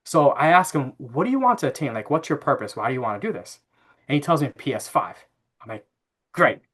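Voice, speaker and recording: A man in his thirties telling a family story as a podcast guest, relaxed and chatty with fillers. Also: mid-range voice, a little fast, slightly rough. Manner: animated anecdote-telling with frequent fillers and laughs. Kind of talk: casual interview storytelling.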